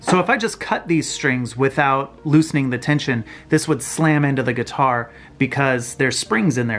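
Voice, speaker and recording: A man hosting his own channel, casually walking viewers through a hands-on guitar tutorial in his home workshop, explaining step by step. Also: fairly high pitch. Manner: relaxed, explains step by step, some restarts. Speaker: guitar builder and channel host.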